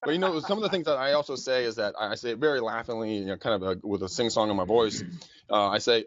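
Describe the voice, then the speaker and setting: A man hosting a casual coaching chat, animated and jokey, acting out sales calls as he explains. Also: medium pitch, quick pace, dry recording, lo-fi sound. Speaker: podcast host.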